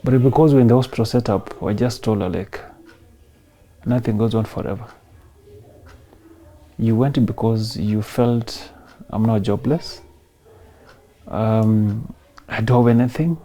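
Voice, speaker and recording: A man in his thirties with a Kenyan accent, telling his personal story in an emotional, soft-spoken way and mixing in Swahili phrases. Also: fairly low pitch, steady tone, a little slow, long pauses, slight background noise. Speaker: interview guest.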